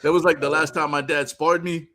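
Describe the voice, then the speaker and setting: A man co-hosting a casual talk show, telling animated stories with laughter and sudden quiet asides. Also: on the high side, fairly quick, slight background noise. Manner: laughing, animated storytelling, drops to mumbles. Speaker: co-host. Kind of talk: casual podcast banter.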